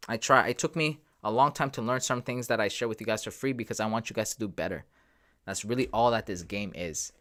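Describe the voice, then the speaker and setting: A man's voice: on the low side, fairly quick, fairly bright tone. A man hosting a live trading stream, talking straight to his viewers in a casual, emphatic, repetitive way. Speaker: trading livestream host.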